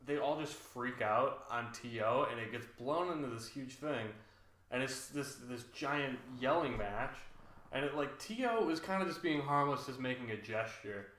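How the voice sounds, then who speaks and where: A man's voice: medium pitch, lively intonation, normal speed, a bit bright, echoey room. A man co-hosting a podcast, chatting casually with dry, skeptical remarks. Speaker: podcast co-host. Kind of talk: casual recap chat.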